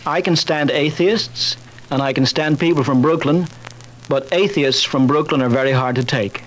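Older male chaplain, slightly high voice, calm reasoned talk on faith with dry wit. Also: slight background noise, rough recording. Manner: measured and reasoned, with dry wry humor. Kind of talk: recorded talk on faith, told through anecdotes.

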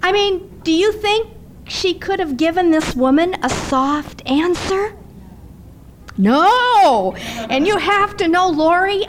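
High-voiced woman preaching conversationally. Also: slight background noise. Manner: conversational, animated storytelling. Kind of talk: sermon with personal story.

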